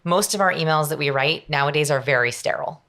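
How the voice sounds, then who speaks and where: A middle-aged woman, a guest on an interview podcast, explaining her ideas in an energetic, emphatic way with lots of examples. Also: sits low, quick pace. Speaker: guest, behavioral researcher. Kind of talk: conversational interview.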